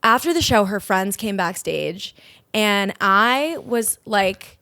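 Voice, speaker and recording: A young woman co-hosts a casual podcast and tells stories with lots of energy, slipping into quoted voices as she goes. Her voice sits at a middle pitch. The sound is close and dry, with no room echo. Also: slow pace. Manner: animated storyteller, acts out quotes. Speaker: podcast co-host. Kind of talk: casual chat.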